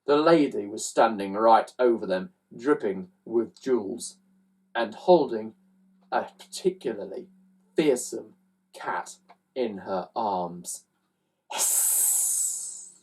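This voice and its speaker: A woman reads a children's story aloud, slow and low-pitched, her pitch swinging widely as she throws in sound effects. Her voice is husky and picked up from a little way off the mic. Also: recorded from a distance. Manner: animated, with loud sound effects.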